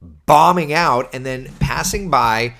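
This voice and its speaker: Taking things slowly in a medium-pitched voice, a male TV weatherman hosts a relaxed livestream. He is chatty and animated, reading viewer comments out loud and answering their questions.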